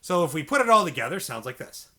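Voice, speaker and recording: High, lively-voiced man teaching saxophone. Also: quick pace. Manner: patient, repetitive step-by-step coaching. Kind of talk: instructional explanation for beginners.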